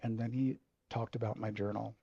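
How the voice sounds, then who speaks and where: A man telling a personal story in a halting, emotional way, swearing freely. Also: fairly low pitch, level tone, vocal fry, warm tone, slightly rough, no echo, lo-fi sound. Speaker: video host.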